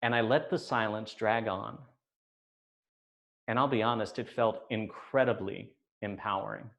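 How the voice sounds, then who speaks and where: A man in his forties telling a personal story on stage, measured with deadpan asides. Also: on the low side, gravelly. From United States.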